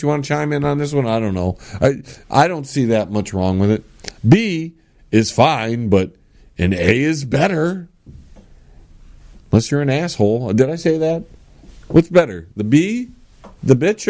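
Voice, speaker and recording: A man hosting his own talk podcast, giving blunt, sarcastic opinions and mock-shouting the lines he quotes. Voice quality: animated with big pitch swings. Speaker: podcast host. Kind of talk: solo opinion talk show.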